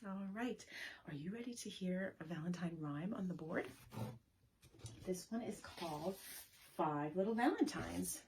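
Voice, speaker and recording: With a fairly low voice and a measured pace full of pauses, a woman librarian runs story time for small children. She reads and rhymes in a lively sing-song style, asking them questions, against slight background noise.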